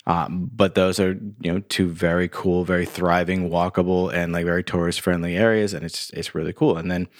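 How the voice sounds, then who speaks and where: A man co-hosting a podcast in casual chat, halting and full of fillers. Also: deep voice, little pitch movement, no room sound, studio quality. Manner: halting, many fillers and restarts. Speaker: podcast co-host. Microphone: hears his own voice in headphones.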